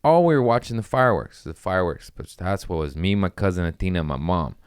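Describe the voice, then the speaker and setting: A young man telling a wild story in casual podcast chat, swearing freely and jumping into high voices when he quotes people. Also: fast talker, clean tone, no echo, studio quality. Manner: animated, acts out quotes with sudden pitch jumps, swears freely.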